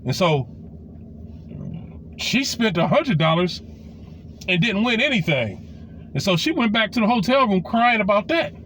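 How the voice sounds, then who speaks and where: Beneath a faint hiss, a man in his forties shares a raunchy story from his own life in a casual, profane monologue, stumbling through fillers and restarts. He keeps a measured pace with long pauses, his high-for-a-man voice swinging widely in pitch when animated.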